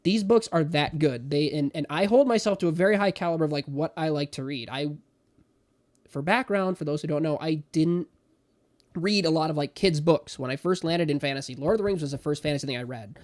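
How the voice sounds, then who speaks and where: A young man co-hosting a casual podcast, talking in an animated, emphatic way with big swings in loudness. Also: a little high, fairly quick. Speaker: podcast co-host. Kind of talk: casual chat.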